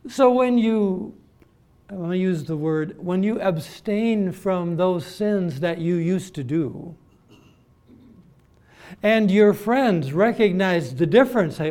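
Male preacher, unhurried, emphatic sermon delivery, a touch high-pitched. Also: lively intonation, darkish tone. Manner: deliberate, emphatic, with repeated words and mimicked voices.

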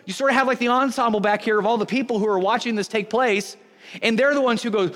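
A man preaching a sermon, animated, acting out the voices of onlookers in the story. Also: extremely high pitch, a little fast. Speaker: pastor. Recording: long hall reverb.

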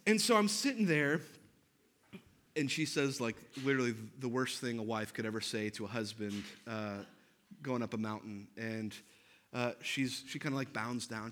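A man in his thirties, a pastor, preaching with a lively personal story and self-deprecating humor. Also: medium pitch, normal speed, slight background noise.

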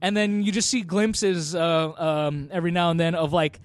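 A man's voice: a little high, steady tone, normal speed, no echo. A man on a podcast casually recapping a movie, rambling with lots of fillers and frequent laughter. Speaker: podcast co-host.

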